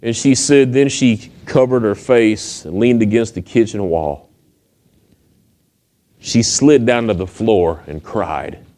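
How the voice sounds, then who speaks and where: A man's voice: fairly low pitch, slow, warm tone. A male pastor, preaching a sermon in a folksy storytelling way that builds to emphatic exhortation.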